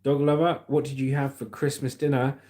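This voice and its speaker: A mid-range, level voice with a slightly mellow quality and a fairly quick pace belongs to this British livestream host. He chats casually, reads viewer comments with upbeat energy, and calls his audience "mate" and "legend."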